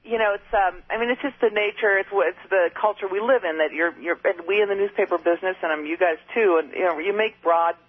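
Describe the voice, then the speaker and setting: A woman's voice: fairly low pitch, quick pace, few pauses. A woman newspaper reporter calling into a radio show, telling rambling anecdotes with frequent restarts. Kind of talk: casual phone-in chat. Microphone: telephone. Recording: tinny phone line.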